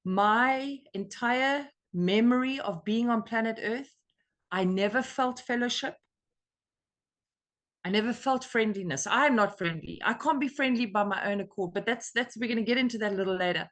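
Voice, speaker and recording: An American woman leading a recovery meeting on a video call, talking in an earnest, emotional and animated way. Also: a little high, moderate pace. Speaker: meeting leader.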